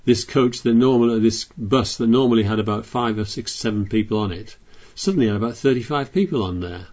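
A man's voice: on the low side, a little fast, darkish tone, lo-fi sound. A man preaching a sermon, reading scripture aloud and explaining it in a chatty way with frequent restarts.

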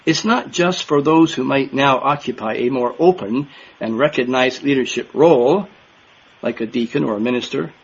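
A man's voice: mid-range voice, moderate pace, pauses often, breathy edge, lo-fi sound. An older man giving an earnest, emphatic sermon to a congregation, repeating key words for stress. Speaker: minister.

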